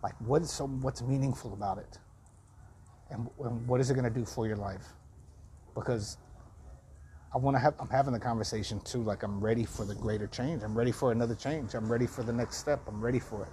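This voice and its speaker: Male vlogger, raspy, reflective and halting, mid pitch, faint noise behind. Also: warm tone. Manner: self-searching, halting with many restarts. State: raspy from dehydration. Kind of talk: reflective personal vlog.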